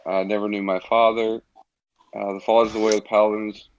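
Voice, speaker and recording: A man's voice: fairly low pitch, flat delivery, fairly quick, a little hiss or hum. A man playing in a tabletop game and stating his character's actions, hesitant and thinking aloud. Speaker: player. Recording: dull lo-fi mic.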